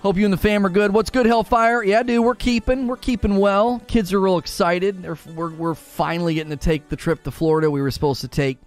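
A man's voice: high voice, a little fast, hardly any pauses, faint music behind. A young adult man streaming a game, talking casually with his chat, laughing often and greeting viewers. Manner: animated, laughs often, reads chat aloud.

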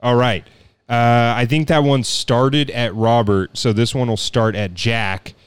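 A man with a clear, resonant, medium-pitched voice talks a little slowly, with no room sound. He hosts a casual podcast quiz on sportscaster catchphrases, chatting in a playful, lively way, swearing, laughing, and doing sportscaster impressions.

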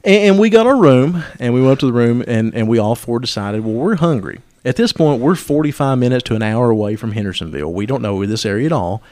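A man's voice: mid-range voice, expressive, quick pace, few pauses, darkish tone, no echo. A man hosting a podcast, telling a comic story in a profane, self-interrupting way. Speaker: podcast host.

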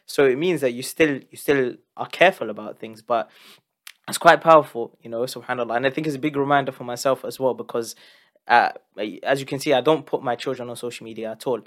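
A man's voice: mid-range voice, fast talker, a bit bright. A man hosting a casual interview, reflecting thoughtfully and asking open questions, with Arabic religious phrases in his talk. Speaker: podcast host.

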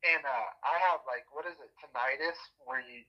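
A man's voice: mid-range voice, fairly quick, slightly rough, highs cut off. A man in casual chat, telling stories in a rambling way, swearing freely and laughing often.

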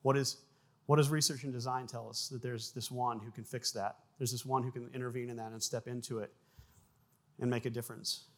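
A man preaching a sermon, animated, with frequent repeated words and acted-out sound effects in his stories. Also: mid-range voice, fairly quick. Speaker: pastor.

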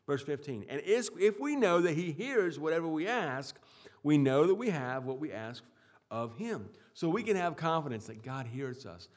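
Emphatic man preaching a sermon. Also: fairly high pitch. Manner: emphatic preaching with swings in loudness and pauses; repeats words and restarts phrases. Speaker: pastor.

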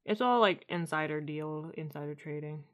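A woman in casual chat, co-hosting a TV show recap and acting out quotes in a slangy, animated way. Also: low voice, normal speed. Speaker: podcast co-host recapping a TV show.

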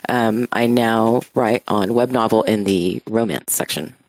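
A woman's voice: rumbling low, unhurried, a little mellow, no echo, poor audio. A woman from New Zealand, an author and co-host, introduces herself in a friendly, chatty way. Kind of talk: casual self-introduction.

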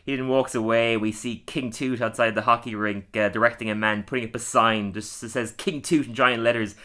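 A man's voice: medium pitch, steady tone, brisk, bright, forceful tone. A young man co-hosting a casual review podcast, chatty, often laughing and acting out quoted lines. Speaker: podcast co-host.

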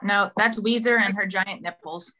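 A woman's voice: medium pitch, fairly even intonation, moderate pace, sharp tone, low-quality recording. A woman co-hosting a podcast, chatting casually in a matter-of-fact, amused way. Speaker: podcast co-host, doula. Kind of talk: casual chat.

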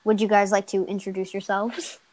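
Brief: teen girl host, giggly, rambling, self-correcting, average pitch, chatting on a video call. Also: little pitch movement, brisk, a little mellow, rough recording. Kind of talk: casual chat.

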